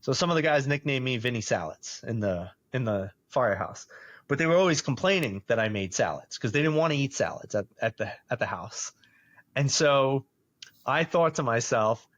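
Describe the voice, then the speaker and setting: At a moderate pace and medium pitch, a podcast host tells a personal story on a dry recording. His casual storytelling is animated and full of laughter, and he acts out the voices of those he quotes.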